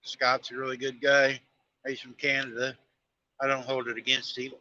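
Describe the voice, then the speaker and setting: Driving along, a man live-streams from his truck cab, rambling through stories in a folksy, casual way. His medium-pitched voice is monotone, pushed and bright, at a moderate pace, and the audio sounds dull.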